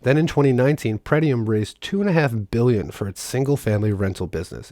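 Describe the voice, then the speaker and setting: The speaker, a man who comments on politics, reads aloud from a news story and interrupts with sarcastic mockery of the text. His voice is lowish and somewhat dark, recorded at studio quality with no room sound.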